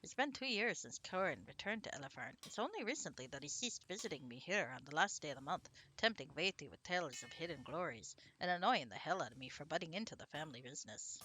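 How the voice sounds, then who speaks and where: A woman voicing a grumbling dwarf father in a mock Irish accent, pitched lower than her own voice. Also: expressive, quick pace, few pauses, sharp tone, a little hiss or hum.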